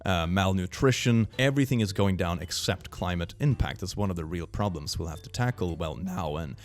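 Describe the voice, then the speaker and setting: A young man giving casual reaction commentary, sarcastic and quick to laugh, with frequent puns. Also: low-pitched, lively intonation.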